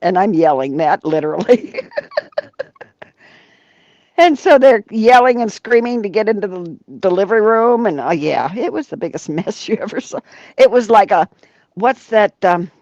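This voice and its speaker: A woman's voice: medium pitch, moderate pace, no echo, lo-fi sound. A middle-aged woman hosting a casual chat, telling stories with acted-out quotes and frequent laughter. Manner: animated storyteller, acts out quotes, laughs often. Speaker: leatherworking livestream host.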